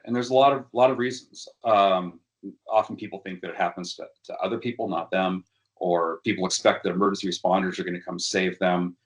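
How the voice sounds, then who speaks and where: A man's voice: sits low, fairly even intonation, fast. A man giving a workshop presentation, talking hesitantly with frequent fillers and restarts. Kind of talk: educational workshop talk.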